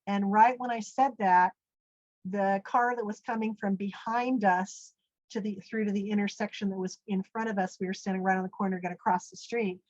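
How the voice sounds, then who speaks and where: A woman's voice: medium pitch, steady tone, moderate pace, darkish tone, no echo, highs cut off. A woman from the United States telling her own story as an interview guest, earnest and rambling with many asides. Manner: earnest, rambling, full of "you know" and "literally". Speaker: guest recounting a near-death experience. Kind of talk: conversational storytelling.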